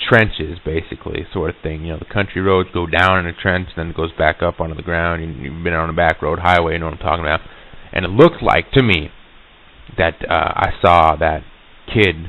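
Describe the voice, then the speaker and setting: Man, deep voice, halting storyteller full of restarts; thin phone-like old reel-to-reel tape. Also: gravelly. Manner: halting, many restarts and fillers. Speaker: interviewee recounting an encounter. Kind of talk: casual spoken recollection.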